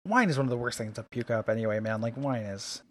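A man's voice: mid-range voice, expressive, quick pace, fairly bright tone, dry recording. A man co-hosting a podcast in casual chat, rambling and self-mocking. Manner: rambling, self-mocking, many fillers and restarts. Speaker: podcast co-host.

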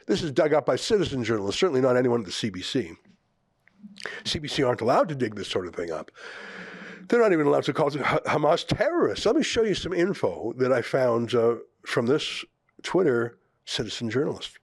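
A man's voice: medium pitch, big pitch swings, normal speed, no echo. A man hosting an opinion commentary show, speaking emphatically and firing off sarcastic rhetorical questions. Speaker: host.

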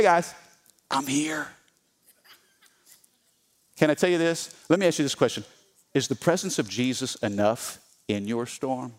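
A middle-aged male pastor preaching an energetic sermon, calling on the congregation to respond. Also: sits high. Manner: animated, call-and-response with congregation.

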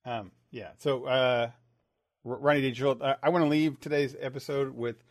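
A man's voice: medium pitch, steady tone, moderate pace, dry recording. A man chatting casually as a podcast co-host. He stumbles and restarts his words often, circling back to finish a thought. The sound is dry and close to the mic. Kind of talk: casual chat.

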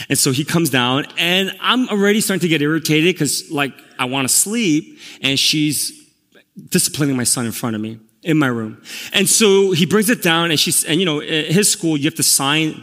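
A middle-aged pastor telling a personal story in a sermon, candid and self-deprecating, growing animated. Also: male voice, a little high. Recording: long reverb of a large hall.

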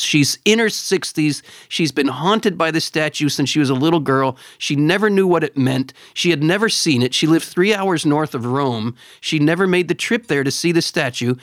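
Animated man telling stories on a podcast. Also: fairly high pitch, moderate pace, dry recording, studio quality. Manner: animated storyteller, repeats words when excited. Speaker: podcast co-host. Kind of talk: casual chat and storytelling.

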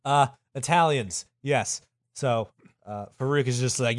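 A man's voice: medium pitch, unhurried, dry recording, studio quality. A man co-hosting a comedic history podcast, swearing, joking and slipping into silly voices. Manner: profane, jokey, slips into silly voices. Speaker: podcast co-host. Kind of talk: casual comedic history chat.

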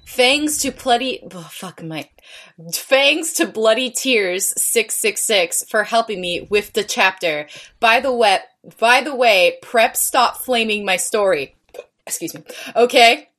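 A woman's voice: on the high side, lively intonation, takes it slowly, a bit bright. A woman co-hosting a podcast, reading aloud with a straight face and often stumbling into giggles. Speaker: podcast co-host.

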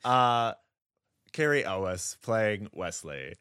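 A man co-hosting a casual movie discussion, measured and thoughtful with wry asides. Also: fairly low pitch, big pitch swings, fairly bright tone, clean tone, no echo, studio quality. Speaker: podcast co-host.

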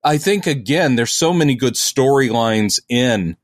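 A man's voice: medium pitch, lively intonation, a little slow, no echo. A man co-hosting a podcast, chatting casually about comic books and acting out quotes in silly voices. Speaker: podcast co-host.

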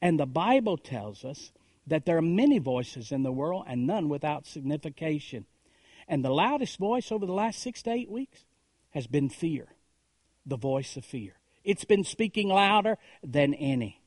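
A man preaching a sermon as a pastor, building on repeated phrases and rhetorical questions, moving between hushed lines and raised, emphatic calls. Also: on the high side, big pitch swings, normal speed, no room sound, studio quality. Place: church.

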